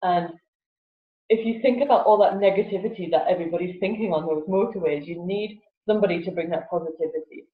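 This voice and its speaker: A woman who teaches laughter yoga is a guest in a casual interview chat, speaking quickly in a lowish voice. She laughs a lot and does animated voices, and the audio is echoey and lo-fi, like a phone call.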